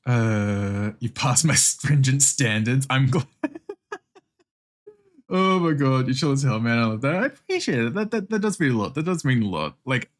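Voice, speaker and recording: A man's voice: mid-range voice, lively intonation, normal speed. An Australian man chatting casually with viewers while drawing on stream, swearing freely and laughing often. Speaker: art streamer.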